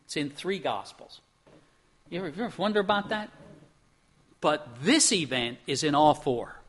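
A Pennsylvania pastor preaches a sermon in a conversational style, posing rhetorical questions, acting out quotes, and often repeating words as he restarts. His voice runs on the high side, expressive, at a moderate pace.

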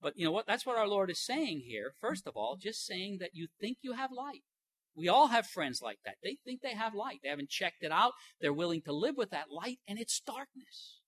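A man's voice: high-pitched, big pitch swings, moderate pace, fairly bright tone, no echo. An older man preaching a sermon as pastor, conversational and folksy, with many restarts.

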